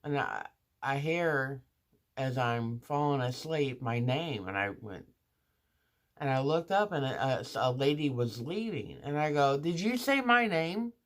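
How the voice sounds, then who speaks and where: A woman's voice: extremely low pitch, lively intonation, a little slow. A woman vlogger telling a casual story in a chatty monologue, with restarts and asides, acting out the other people in it.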